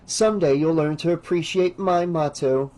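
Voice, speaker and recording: A man's voice: fairly high pitch, moderate pace, dark tone, natural voice, low-quality recording. A man voicing a brash, teasing teenage girl in an audiobook, drawing out her words theatrically.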